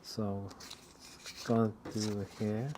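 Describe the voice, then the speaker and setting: A man's voice: lowish voice, level tone, slow pace, background noise. A man doing casual work commentary on a hobby project, rambling and joking between mumbled remarks about the work. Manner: rambling, joking storyteller who mutters while working. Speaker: watch hobbyist. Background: faint sanding and rubbing.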